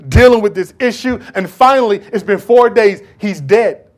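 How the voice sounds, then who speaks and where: A pastor preaching a sermon, swinging from hushed lines to loud bursts and acting out scenes from scripture. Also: male voice, sits high, moderate pace. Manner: acts out dialogue with Bible figures.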